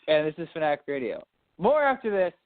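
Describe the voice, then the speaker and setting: A man's voice: fairly high pitch, sing-song, quick pace, very noisy. A young man from Dallas co-hosting a radio talk show, chatting casually about sports and politics and often restarting his sentences. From Dallas, Texas. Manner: rambling, restarts mid-thought. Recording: phone-line quality audio.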